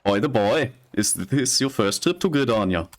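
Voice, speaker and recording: A man's voice: mid-range voice, expressive, moderate pace, natural voice. A man voicing a cheerful, folksy male merchant guide in a put-on Scottish accent, reading the game's dialogue aloud and stumbling over some words. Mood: chatty.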